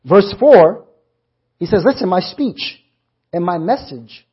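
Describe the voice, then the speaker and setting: In a slow, animated sermon, a man with a husky, rather high voice works through scripture and keeps pulling in the congregation, who answer his questions aloud. Sound quality is muffled and lo-fi.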